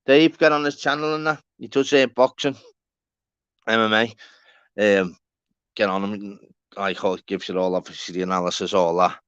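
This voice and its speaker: A man's voice: on the low side, fairly bright tone, smooth, dry recording, lo-fi sound. A man from Liverpool with a Scouse accent, hosting a rambling, casual live stream, swearing and calling his viewers by name. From Walton, Liverpool, England.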